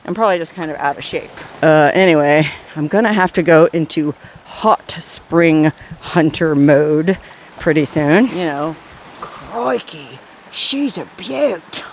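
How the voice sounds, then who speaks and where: A woman's voice: lowish voice, a little hiss or hum. A woman hosting a chatty outdoor travel vlog, recorded on a forest trail by hot springs. She talks with enthusiasm, dry wit and salty humor.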